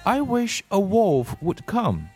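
Mischievous shepherd boy, done by a man, high pitch, storybook read-aloud. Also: huge pitch swings, slow pace, darkish tone, breathy edge, soft background music, heavily acted. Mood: wistful.

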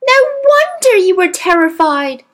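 Woman putting on a bright little girl voice. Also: very high voice, very animated, a little slow, voice pushed up, full character voice. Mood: earnest. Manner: eager, earnest, polite.

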